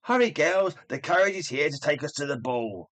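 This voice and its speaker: A man's voice: fairly high pitch, animated, moderate pace, fairly bright tone. A man voicing a cruel, bossy stepmother with a stern, commanding delivery while reading a comic aloud. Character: harsh stepmother, middle-aged woman, cruel and bossy. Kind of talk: comic book read aloud.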